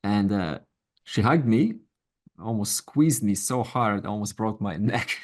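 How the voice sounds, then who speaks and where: Lowish, encouraging middle-aged male teacher. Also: animated, measured pace. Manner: encouraging, conversational, with asides and mimicked quotes. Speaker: Vedanta teacher. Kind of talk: informal lecture to an online class.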